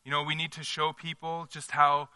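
A man's voice: fairly high pitch, level tone, moderate pace, bright, forceful tone, clean tone, no echo. A man preaching a conversational sermon at a church service, earnest and emphatic, working through his points as he thinks aloud. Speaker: pastor.

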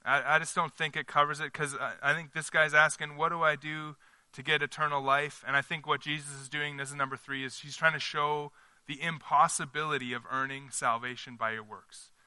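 A man's voice: a little high, steady tone, a little fast, bright, forceful tone, dry recording. A man preaching a conversational sermon at a church service, earnest and emphatic, working through his points as he thinks aloud. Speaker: pastor.

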